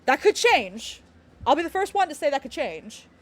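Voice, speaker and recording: A woman's voice: sits high, very animated, normal speed. Bubbly giggly woman streaming. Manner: bubbly, giggly, rambling with fillers. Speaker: game streamer. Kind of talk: casual live-stream chat.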